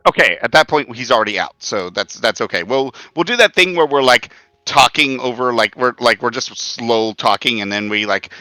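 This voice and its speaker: A man's voice: mid-range voice, lively intonation, normal speed, sharp tone, dry recording. A man playing a tabletop game, chatting casually, rambling and repeating himself. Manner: rambling, repeats words, laughs often. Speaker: player.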